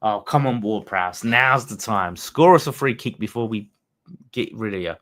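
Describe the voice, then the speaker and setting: A man who hosts a fan channel streams a live watchalong of a football match, his voice fairly low in pitch and his speed normal. Excitable with his viewers, he curses freely and keeps the banter flowing as things develop on the pitch.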